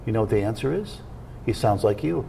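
Man, husky voice, earnest guest teacher. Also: fairly low pitch, lively intonation, brisk, mellow. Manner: earnest, explanatory, asks questions to check. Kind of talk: teaching in a conversation.

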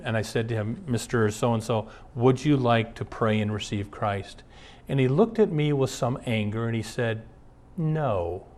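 A man's voice: lowish voice, a little mellow. Earnest male pastor telling stories. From Twin Cities area. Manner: earnest storyteller, reads aloud then recounts anecdotes. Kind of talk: sermon told through personal stories.

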